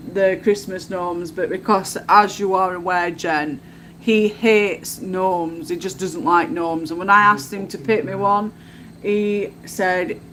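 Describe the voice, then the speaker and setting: A woman's voice: mid-range voice, a bit bright, a little hiss or hum. A woman, hosting a casual livestream at home and telling stories in a chatty way, laughing often. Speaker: livestream host.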